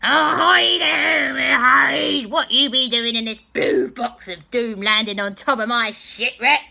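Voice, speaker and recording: A woman's voice: high-pitched, slow, vocal fry, bright, forceful tone, pitched above the performer's own voice, exaggerated voice. A woman voicing a dastardly male ghost dog pirate captain who bellows in pirate talk. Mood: bellowing.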